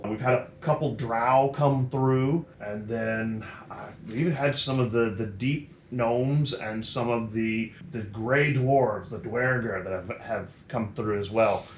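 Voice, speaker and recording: A man doing a big, battered dwarf leader who has been hiding for a week, speaking plainly and steadily at a middle pitch. The voice rings in a roomy space with faint noise behind it. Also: highs cut off, close to an everyday voice. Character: battered male dwarf leader, large and weary.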